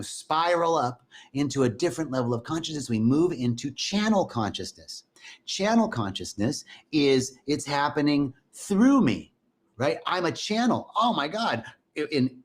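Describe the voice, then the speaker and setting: A man leads a live-streamed spiritual talk in a conversational, animated way. His voice sits at a middling pitch for a man. He warmly greets viewers by name between teachings.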